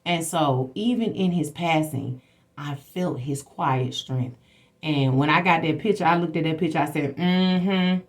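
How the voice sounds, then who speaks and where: This low-voiced woman speaks at a normal pace while running a spiritual livestream. Her casual talk to viewers mixes personal anecdotes with a blunt, foul-mouthed, preachy tone.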